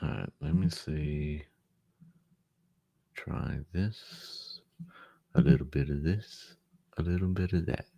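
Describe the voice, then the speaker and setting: A man's voice: very deep voice, slow pace, gravelly, pauses often, dark tone. A man hosting a casual livestream from a room at home. He talks in a distracted, apologetic way while he fixes his audio setup. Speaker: livestream host.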